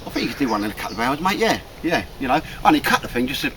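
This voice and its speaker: Recorded with poor, noisy outdoor camera audio, this bushcraft vlogger talks very fast in the woods about a stool he built. His medium-pitched, fairly bright voice swings widely in pitch, and he's chatty, laughs often, and calls everyone mate.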